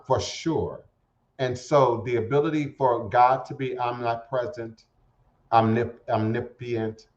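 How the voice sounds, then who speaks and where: A man hosting a spiritual internet radio show, talking in a rambling, halting way with many repeated words. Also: medium pitch, darkish tone. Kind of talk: casual spiritual talk show monologue. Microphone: home setup streamed to internet radio. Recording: roomy, dull lo-fi internet radio audio.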